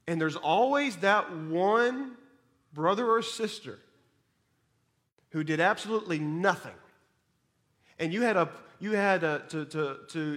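A man preaching a sermon in an emphatic way, swinging between loud and soft and repeating words when he stumbles. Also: high voice.

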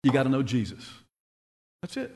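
A man preaching a sermon, telling stories and rising to excited shouts when he quotes people. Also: medium pitch, normal speed, gravelly. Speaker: pastor.

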